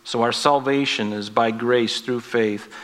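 A man's voice: mid-range voice, fairly even intonation, measured pace, a bit bright. A man preaching a sermon in an earnest, conversational way, often asking his listeners rhetorical questions.

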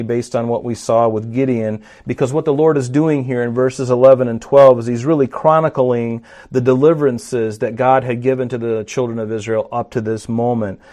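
Male pastor, mid pitch, teaching sermon, talky with restarts, lifts volume on scripture. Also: a little mellow. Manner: teaching, rising in force on scripture quotes; conversational with frequent fillers and restarts.

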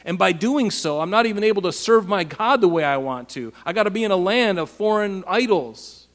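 A pastor preaching a casual, animated Bible-teaching sermon, asking his listeners rhetorical questions. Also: sits high, brisk, long reverb tail.

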